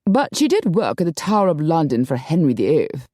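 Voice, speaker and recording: A woman's voice: low voice, sing-song, a little fast, mellow, no room sound, clean studio sound. Brief: imperious old-world princess, cool and lofty, voiced by a woman. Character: haughty princess, regal and commanding.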